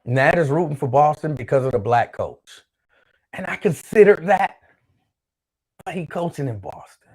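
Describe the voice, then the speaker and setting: A man's voice: fairly high pitch, expressive, normal speed, long pauses, darkish tone. A man hosting his own show, chatting casually on his own and reading out viewer comments in a loose, rambling way that repeats itself. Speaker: show host.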